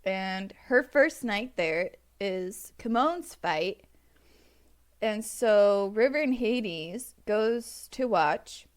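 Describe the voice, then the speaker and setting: A woman's voice: medium pitch, expressive, very slow. A woman co-hosting a casual podcast, giggling and rambling through a plot recap with many restarts on a home microphone. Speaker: podcast co-host. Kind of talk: casual book-club chat.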